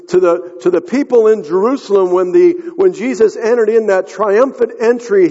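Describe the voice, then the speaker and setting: Earnest pastor in an echoing hall. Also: male voice, on the high side, darkish tone, breathy edge. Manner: earnest, repeats and restarts phrases. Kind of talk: sermon. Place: large church hall. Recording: dull sound with long hall reverb.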